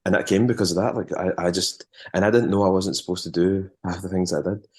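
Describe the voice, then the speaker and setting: A man's voice: sits low, steady tone, fast talker, a little mellow, husky. A man with a Scottish accent, a musician and former tour manager, rambling through anecdotes in a casual interview, with frequent restarts and chuckles.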